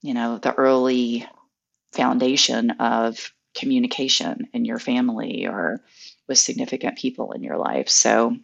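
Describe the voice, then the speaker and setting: A woman with a very deep voice and lots of vocal fry speaks in a relaxed, measured way. She sounds like a coach in a casual podcast conversation. The audio is dull and lo-fi, as if from a remote call.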